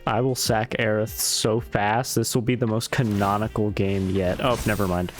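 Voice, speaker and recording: Wry muttering game streamer, music behind. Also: male voice, lowish voice, little pitch movement, moderate pace. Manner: wry, muttering asides at opponents. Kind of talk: live-stream card game commentary. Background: music playing.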